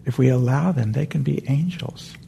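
Gravelly, gentle meditation teacher, a man. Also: mid-range voice, normal speed, a little hiss or hum. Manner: gentle, meandering, self-correcting. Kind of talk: dharma talk with a story. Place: meditation center hall.

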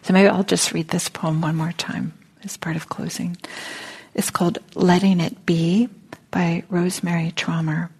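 A woman meditation teacher giving a soft-spoken, reflective dharma talk that often drops near a whisper. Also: fairly low pitch, level tone, moderate pace, vocal fry, slightly rough. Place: meditation center.

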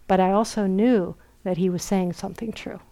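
A middle-aged woman giving a dharma talk as a meditation teacher. She tells stories gently and softly, dropping at times into a near whisper. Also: mid-range voice, steady tone. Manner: slow, gentle storytelling with soft whispered asides. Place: retreat center meditation hall.

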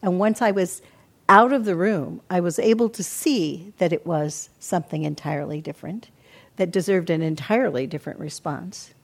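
Older woman, meditation teacher, calm reflective dharma talk, acts out inner self-talk. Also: fairly low pitch, moderate pace. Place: meditation hall.

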